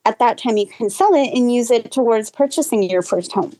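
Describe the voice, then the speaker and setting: A woman with a higher-pitched voice speaks as a real estate guest on a podcast. She offers earnest, practical advice, often restarting with "you know". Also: a little fast, warm tone, rough recording. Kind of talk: casual interview chat.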